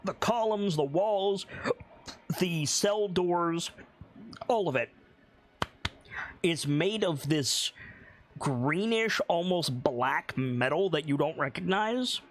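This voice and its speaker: A man narrating as game master of a tabletop game, building the scene slowly, detail by detail. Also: on the high side, animated. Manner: slow, descriptive, builds scenes piece by piece.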